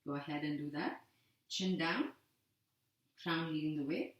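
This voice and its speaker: Woman yoga teacher, lowish calm voice, gentle guided breathing cues, recorded far off in a very echoey room. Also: measured pace, highs cut off. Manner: calm, gentle cueing with repeated counts.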